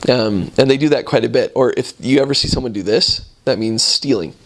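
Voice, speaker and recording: A returned missionary tells casual stories about his mission, relaxed and rambling, chuckling frequently. He has a mid-range voice and talks a little fast.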